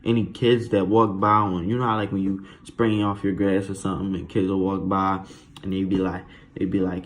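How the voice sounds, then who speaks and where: A man telling a childhood story in a casual, slangy, animated way. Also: deep voice, moderate pace.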